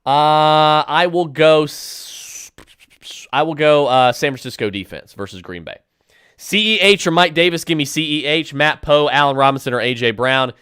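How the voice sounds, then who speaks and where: Guy hosting a podcast, rattling off emphatic picks, smooth clear voice, dry close mic. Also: on the high side, moderate pace, bright, forceful tone, dry recording. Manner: emphatic, decisive picks with many fillers and restarts. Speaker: podcast host answering listener questions. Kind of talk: rapid-fire fantasy football advice.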